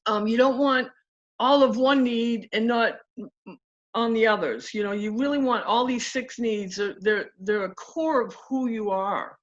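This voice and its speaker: A woman with a fairly high voice tells stories in a casual interview and acts out the quotes with energy. The audio sounds a little dull and lo-fi. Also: unhurried. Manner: animated, acts out quotes in story. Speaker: guest coach.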